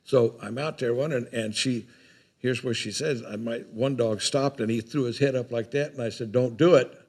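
A man's voice: medium pitch, steady tone, moderate pace, slightly rough. An older man preaching a sermon in a folksy, rambling way, often repeating his words.

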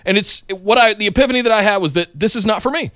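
Earnest man in his forties, smooth voice. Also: sits high, fairly bright tone, no echo. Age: 40s. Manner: earnest, halting, restarts mid-thought. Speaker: podcast co-host. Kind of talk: casual wrestling podcast chat.

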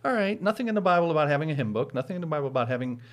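A man's voice: a little high, expressive, very fast. A man who is a pastor, explaining church practice in a casual teaching chat, patient, with frequent chuckles.

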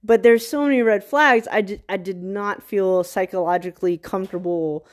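A woman from small-town Virginia with a Southern accent, talking to camera in a rambling casual monologue, full of fillers, restarts and quick laughs. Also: medium pitch. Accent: Southern American, rural Virginia. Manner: laughs often mid-sentence. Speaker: vlogger.

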